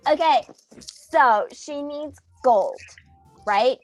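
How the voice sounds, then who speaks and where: A woman's voice: high voice, lively intonation, drawn-out words, no room sound, faint music behind. A woman playing in a tabletop game, talking in character in a rambling way, full of "like" and "um". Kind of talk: in-character tabletop role-play.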